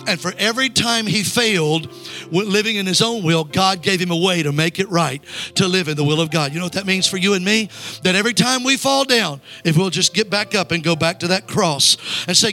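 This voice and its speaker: Evangelist, male, high bright voice, rousing sermon delivery that calls on the crowd to read along. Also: brisk, faint music behind. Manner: urges the crowd to read aloud.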